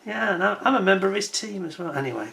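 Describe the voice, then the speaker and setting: A man's voice: high voice, animated, quick pace, vocal fry, pushed and bright. A man hosting his own channel in casual chat to camera, chatty and self-deprecating, and he laughs often. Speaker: scale-model channel host.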